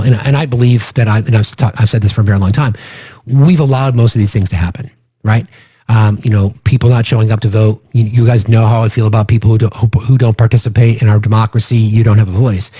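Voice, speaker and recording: A man's voice: medium pitch, dark tone, husky, no room sound, muffled recording. Earnest man hosting a political livestream. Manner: earnest, many restarts and "right?" asides. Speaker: livestream host. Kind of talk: casual political livestream chat.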